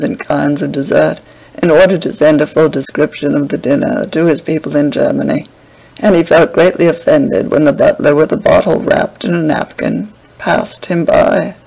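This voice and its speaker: A man's voice: fairly high pitch, steady tone, normal speed, gravelly, darkish tone, poor audio. A man narrating a classic novel as an audiobook reader, reading steadily. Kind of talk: scripted narration.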